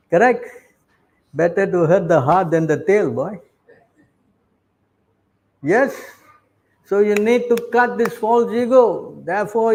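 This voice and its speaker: A man's voice: sits high, creaky, a little mellow, low-quality recording. A man reading scripture verses and then explaining them bluntly, checking in with his listeners with "huh?" and "you understand?". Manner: peppers talk with rhetorical questions like "huh?". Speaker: scripture class teacher.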